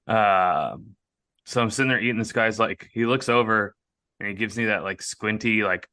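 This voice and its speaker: A young man on a podcast, co-hosting and swearing freely as he tells animated stories in casual chat. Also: fairly low pitch, normal speed, dry recording. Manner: profane, animated storyteller. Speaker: podcast co-host.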